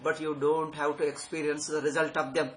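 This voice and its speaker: A man's voice: on the high side, little pitch movement, brisk, a bit bright, low-quality recording. A man giving a spiritual lecture, sarcastic and emphatic, often repeating his phrases. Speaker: Vedanta teacher.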